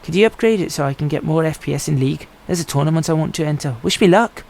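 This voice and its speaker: A man's voice: a little high, fast, creaky, darkish tone. A man voicing a chatty young Irish male gamer customer in a put-on Irish accent. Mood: chirpy.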